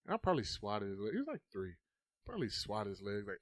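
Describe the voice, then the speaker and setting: The young adult man hosting this podcast talks very fast in a lowish voice, with no room sound. He tells stories casually and animatedly, swearing freely and acting out the quotes.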